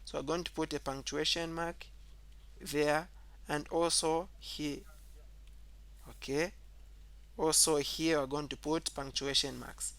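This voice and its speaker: A man's voice: little pitch movement, takes it slowly, pauses often. A man teaching a grammar lesson, explaining step by step, repeating key points and saying "okay" often, and reading example sentences aloud with extra emphasis. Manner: reads example sentences aloud louder and higher.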